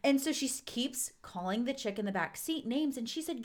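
A woman co-hosting a podcast in casual chat, an animated storyteller who acts out quotes in a high voice. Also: a little fast, few pauses. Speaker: podcast co-host.

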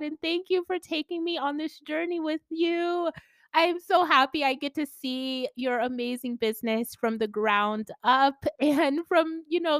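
A high-voiced woman chatting on her own podcast from home, gushing and giggling as she goes. Her talk is loose and effusive, packed with "like" and "you guys." The sound is dry and close, with no room echo. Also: a bit bright. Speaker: podcast host. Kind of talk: casual solo podcast chat. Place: at home indoors.

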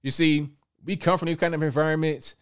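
His voice is fairly high, steady, and smooth, and he speaks a little fast as he hosts a live stream. Reading viewer super chats in a casual, chatty way, he often repeats words and chuckles.

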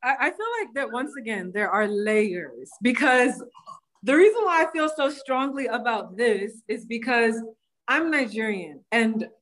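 A woman's voice: fairly high pitch, a little slow. An American woman co-hosting a podcast, speaking with passion and animation. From United States. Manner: impassioned, animated. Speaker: co-host. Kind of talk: casual podcast discussion.

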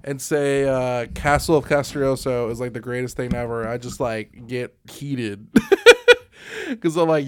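A young man co-hosting a casual chat podcast, animated, laughing and swearing often. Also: mid-range voice, measured pace, smooth. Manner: animated, laughing, swearing, slips into exaggerated impressions. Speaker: podcast co-host.

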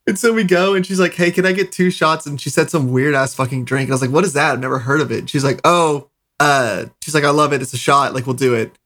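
Higher-voiced man telling rambling stories. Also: fast, a bit bright. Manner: profane, rambling anecdotes with quoted voices. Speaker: podcast co-host. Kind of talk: casual storytelling chat.

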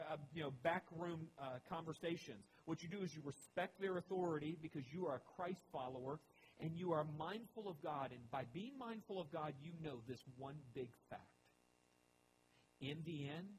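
A man preaching a sermon as pastor, with animated emphasis that rises and drops. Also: fairly high pitch, background noise.

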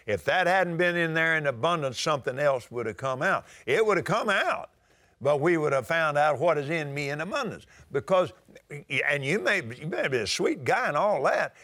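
An older man with a drawl preaches a sermon in a folksy, story-telling manner. His voice sits high for a man, and he now and then climbs into ringing shouts. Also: sing-song, moderate pace.

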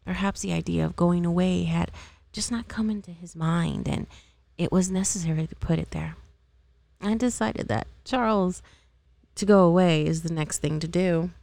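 A woman reads a novel aloud in an amateur, unpolished way, now and then tripping and re-reading. Her voice is low and gravelly, with a dry, close sound. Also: moderate pace, dark tone, no room sound. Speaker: amateur reader.

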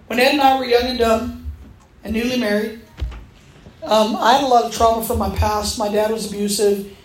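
A woman's voice: fairly high pitch, moderate pace, a little hiss or hum. A woman preaching a sermon, telling stories and acting out the voices in them. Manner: animated storytelling, acting out quoted voices. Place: church hall. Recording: echoey room.

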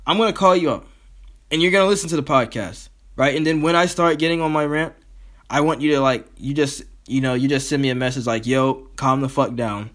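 A man's voice: fairly high pitch, quick pace, fairly bright tone. A man hosting his own podcast, ranting in a heated, profane, rambling way. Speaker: podcast host. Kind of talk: solo podcast rant.

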